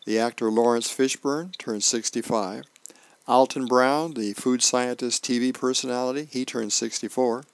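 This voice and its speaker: A man's voice: medium pitch, fairly even intonation, moderate pace, clear, resonant tone, dry recording. A man, a volunteer reader for a radio reading service, reading newspaper comics and birthdays aloud, lightly voicing the dialogue. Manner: reads comic dialogue with small voice changes.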